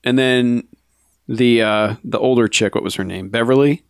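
A man's voice: mid-range voice, normal speed, clean tone, no room sound, clean studio sound. A man chatting casually about a movie, retelling scenes and acting out the characters' lines.

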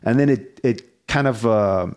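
A man's voice: mid-range voice, a little slow, darkish tone, clear, resonant tone. A man hosting a podcast in casual chat, rambling and swearing freely as he tells a story, with laughs along the way. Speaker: podcast host.

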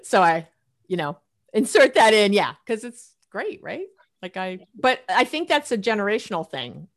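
Middle-aged woman therapist, guest on a show; lively, laughs a lot, plays out her clients' voices. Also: medium pitch, moderate pace. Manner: animated, laughs often, acts out clients' lines. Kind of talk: casual interview talk.

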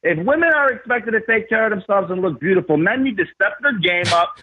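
A man telling stories as a podcast guest, animated and emphatic, with slangy casual talk. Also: sits high, fast, husky. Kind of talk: casual storytelling. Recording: tinny phone-like remote line.

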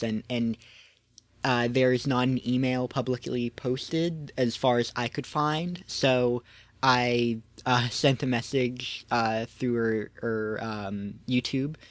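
A man's voice: mid-range voice, a bit bright, no room sound. Man co-hosting, explaining with restarts. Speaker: podcast co-host. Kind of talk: casual podcast chat.

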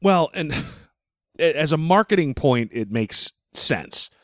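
A man's voice: a little high, animated, slow, dry recording, clean studio sound. A man co-hosting a podcast from a living room, chatting casually in a wry, rambling way with the odd swear word. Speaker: podcast co-host. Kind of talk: casual chat. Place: living room, mobile recording rig.

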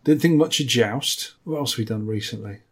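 Husky, dry-humoured man. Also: mid-range voice, fairly quick. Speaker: podcast co-host. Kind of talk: casual chat.

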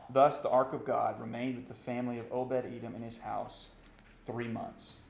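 A man preaching a sermon, animated and building to impassioned outbursts. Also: mid-range voice, moderate pace, gravelly, roomy sound, slight background noise. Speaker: pastor.

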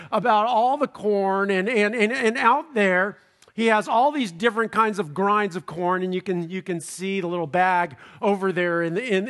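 A middle-aged man from Southern California, a pastor who preaches by telling a lively personal story and chuckles at his own jokes. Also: high voice.

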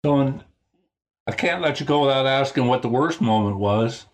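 A man's voice: medium pitch, moderate pace. A man in a mid-range voice hosts a casual interview. He mostly listens, reacting briefly before asking his next question.

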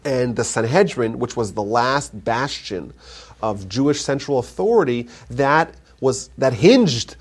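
A man lecturing live to a room, telling old stories in a voice of middling pitch. He tells them with animated rises in volume for emphasis. He often stops and restarts his sentences as he thinks aloud. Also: a little slow, slightly rough. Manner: animated retelling, swells louder for emphasis, frequent restarts. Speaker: lecturer on Jewish history. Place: lecture room at a community centre.

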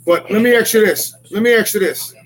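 Man, high voice, boisterous, profane, acts out dialogue, casual podcast chat. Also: fairly quick, poor audio. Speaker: podcast co-host.

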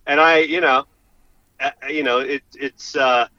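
A male guest chats hesitantly and stumbles over fillers and restarts, yet keeps a bright, forceful tone. His voice comes through a dull, lo-fi remote line that sounds dry and close. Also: medium pitch, fairly even intonation, measured pace, no room sound. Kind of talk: casual interview chat.

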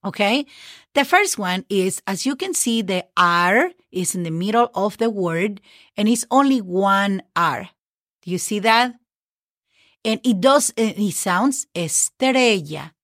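Woman, friendly language teacher, dry close sound, medium pitch. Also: lively intonation, unhurried, fairly bright tone, no room sound. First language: Spanish. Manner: chatty, checks in with "okay?" often. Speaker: Spanish teacher. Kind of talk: podcast language lesson.

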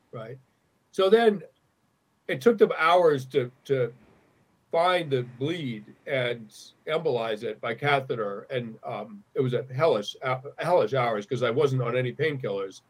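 Middle-aged man, husky, earnest storyteller who stumbles and restarts as he talks. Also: medium pitch, expressive, moderate pace. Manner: earnest, restarts often when moved. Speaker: guest. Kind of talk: conversational storytelling.

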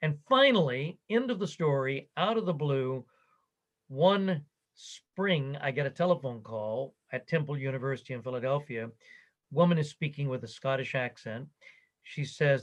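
Older man telling a lively story. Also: medium pitch, moderate pace, rough recording. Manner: animated anecdotal telling, quoting others. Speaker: interviewee. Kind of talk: storytelling in conversation.

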